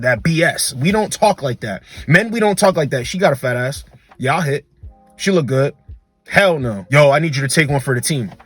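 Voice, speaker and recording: A man's voice: sits high, fairly bright tone. A man giving blunt, slangy reaction commentary on dating as a coach, repeating words for emphasis.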